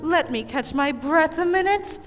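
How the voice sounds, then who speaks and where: A woman acting as the groom's flustered mother, scolding and fretting in a high, lively voice that swoops around, taking her time. It rings out across a reverberant hall. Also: measured pace, over music. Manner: scolding, fretful. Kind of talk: stage play acting. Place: stage in a large hall.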